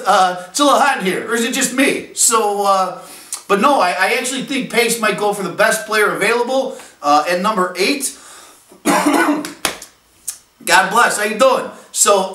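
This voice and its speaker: A man hosts a casual fan podcast, jumping between jokes and asides with many fillers. His voice sits high and bright. He sounds a little off-mic in a roomy, echoing space. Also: far from the mic. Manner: animated and jokey, full of fillers and asides. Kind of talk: casual rambling commentary. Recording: echoey room, a little off-mic.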